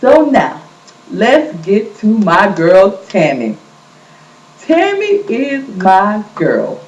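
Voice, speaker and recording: Animated gossiping woman, echoey lo-fi. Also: medium pitch. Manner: animated, gossipy, quotes people in lively voices. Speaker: vlog host recapping a reality show. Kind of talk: casual chatty recap. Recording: echoey, distant, dull lo-fi sound.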